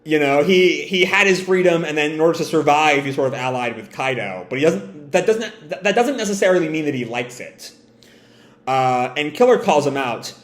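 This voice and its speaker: A man's voice: fairly high pitch, lively intonation, normal speed, echoey room. A man casually reading comics aloud, musing and adding commentary with many fillers. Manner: musing, lots of fillers and asides. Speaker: manga reader.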